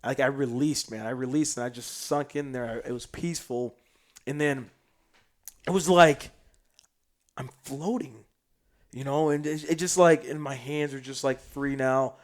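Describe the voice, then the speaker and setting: Guy from south sudan telling a story on a podcast, animated, goes loud then quiet, lots of slang, middle pitch. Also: a little slow. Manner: animated, swings between loud and hushed, slangy. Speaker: podcast guest. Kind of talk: casual storytelling chat.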